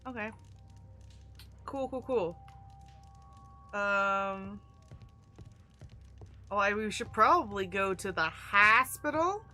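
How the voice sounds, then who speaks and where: A woman's voice: medium pitch, animated, takes it slowly, pauses often, bright, forceful tone, faint music behind. A young woman streaming a game, chatting casually and reading in-game letters aloud in playful voices. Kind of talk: casual live-stream commentary.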